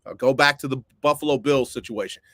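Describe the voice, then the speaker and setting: A middle-aged man, hosting a casual live-streamed sports talk show. He talks in an animated way, repeats phrases for emphasis and jumps up in pitch when he gets fired up. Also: fairly quick, no room sound.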